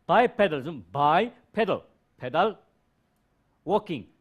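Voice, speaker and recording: A man teaching biology on a live stream, explaining slowly and repeating key terms with rhetorical questions. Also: a little high, very animated, breathy edge, muffled recording. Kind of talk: live-streamed classroom lesson.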